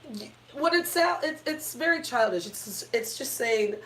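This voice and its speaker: Brief: fairly high-pitched woman, blunt and swearing, laughs through lines. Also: expressive, unhurried, a bit bright, slight background noise. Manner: blunt, profane, laughs while talking. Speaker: co-host. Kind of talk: casual conversational rant.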